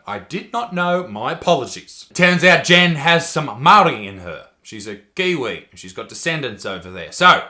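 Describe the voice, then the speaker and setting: A man's voice: fairly high pitch, pushed and bright. A man, a comedian giving profane, sarcastic ranting commentary.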